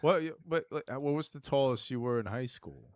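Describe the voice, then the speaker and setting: A man co-hosting a podcast in casual chat, teasing with quick questions. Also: mid-range voice, expressive, no echo, clean studio sound. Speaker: podcast co-host.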